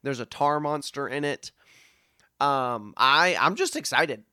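A man's voice: medium pitch, expressive, slow, pushed and bright, dry recording, studio quality. A young man hosting a casual movie podcast, joking and rambling, laughing often. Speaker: podcast host.

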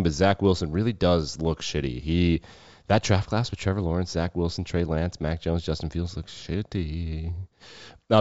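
A man's voice: sits low, a little mellow, dry recording, dull audio. A man hosting a casual sports show, running through football picks in a loose, irreverent way with some swearing. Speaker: sports betting show host.

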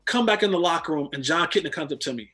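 Host, man, high voice, faint music behind, animated storyteller. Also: fast talker. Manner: animated, repeats words when excited. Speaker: podcast host, former football player. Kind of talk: casual storytelling.

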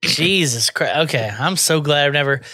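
A brash, teasing man joking in a podcast chat. His voice is on the higher side and bright, almost sharp. It is recorded close and dry with no room sound. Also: animated, normal speed, no room sound. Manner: brash, teasing, laughs often. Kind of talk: casual crude chat.

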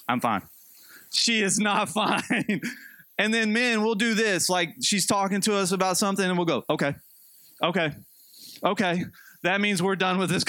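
Young male pastor, high voice, animated sermon delivery, dry close sound. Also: dry recording. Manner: animated, acts out quotes with a jumpy pitch.

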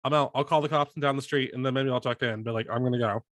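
A man co-hosting a podcast, chatting casually about a horror movie, playful and quick to laugh. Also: medium pitch, no echo. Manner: animated, laughing often, playful asides. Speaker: podcast co-host.

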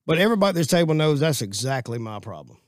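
A man's voice: on the high side, very animated, rapid-fire, no echo, studio quality. A man at a group table speaking earnestly and candidly about his own habits. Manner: earnest, confessional. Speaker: group member. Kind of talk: casual group talk.

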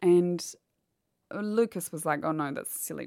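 Woman, low pitch, dry close mic, candid emotional storytelling. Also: moderate pace, creaky, darkish tone, no echo. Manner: candid, quotes others as she retells. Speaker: guest.

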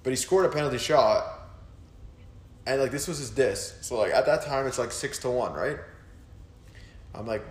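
A man's voice: medium pitch, lively intonation, moderate pace, long pauses, roomy sound. A man hosting a casual podcast chat, telling a story in a laid-back, swearing way. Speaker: podcast host.

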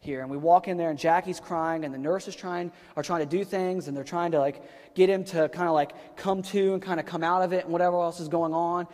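A man's voice: fairly high pitch, steady tone, fairly quick, few pauses, darkish tone. A man in his thirties preaching a sermon, telling a personal story in a casual, conversational way with rhetorical questions and fillers. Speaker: pastor. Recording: long reverb of a large hall.

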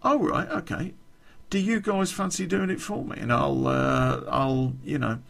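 A man voicing a cocky, self-important local hard man who talks in a slow drawl. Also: medium pitch, steady tone, gravelly, fairly bright tone.

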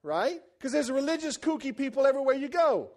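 Animated man preaching a sermon. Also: fairly quick. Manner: animated storytelling, swinging from loud excited peaks to hushed low passages; colloquial and joking with the congregation. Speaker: pastor.

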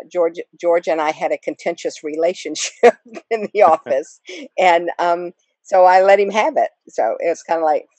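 A woman's voice: low voice, darkish tone, no echo. Chatty woman guest, dry sound. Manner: rambling, chatty with frequent fillers and laughs. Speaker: guest actress. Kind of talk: casual interview chat.

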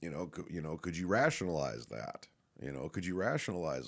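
A man's voice: extremely low pitch, very animated, a little fast, gravelly. A man rambling casually and profanely, with lots of fillers, restarts and laughs. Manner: laughs often while talking.

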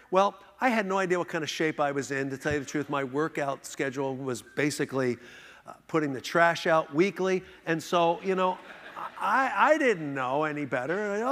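A man telling a story on stage, with self-deprecating comic timing. His voice sits a little high for a man. The recording has the long reverb of a large hall. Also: lively intonation, moderate pace, a bit bright. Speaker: speaker. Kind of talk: humorous storytelling talk.

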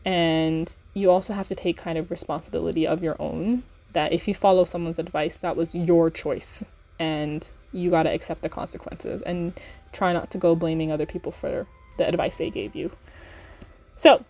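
A woman's voice: on the low side, fairly even intonation, moderate pace, warm tone. A woman hosting a podcast, reading a book aloud with chatty commentary, laughing often and filling with ums. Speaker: podcast host and reader.

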